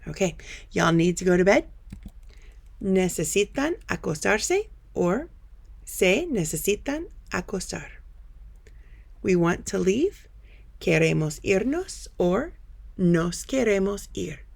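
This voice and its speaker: A woman teaching a Spanish grammar lesson over slides, patiently explaining step by step and telling students to pause and practice. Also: mid-range voice, very animated, creaky, a little mellow.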